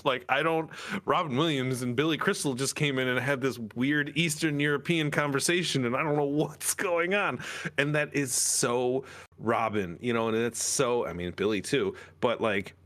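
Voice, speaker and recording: A man with a mid-range, somewhat bright voice co-hosts a podcast, chatting casually. He rambles, filling his speech with fillers and frequent restarts.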